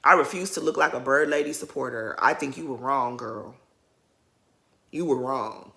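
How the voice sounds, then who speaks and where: Bright-voiced woman recapping reality TV. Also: a bass voice, normal speed, creaky. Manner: animated, opinionated, talks straight to the viewers. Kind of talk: casual commentary vlog.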